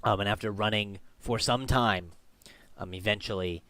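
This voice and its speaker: A man's voice: on the low side, normal speed, pushed and bright. A man running a tabletop game as game master, narrating the scene with frequent ums and uhs.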